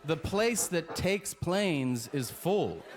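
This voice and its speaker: Man, stand-up comedian, lively pitch, slightly high voice, acts out characters, noisy clip. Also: slow, over a noisy crowd. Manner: storytelling with voices of people he describes. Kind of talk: stand-up routine.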